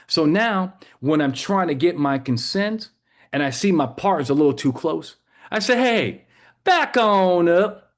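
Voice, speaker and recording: A man's voice: a little high, animated, normal speed, voice pushed up, close to an everyday voice. A man voicing a blunt, joking Texas cop in a Texas accent, in a folksy drawl. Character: stereotypical Texas cop, mustached, big hat, blunt joker.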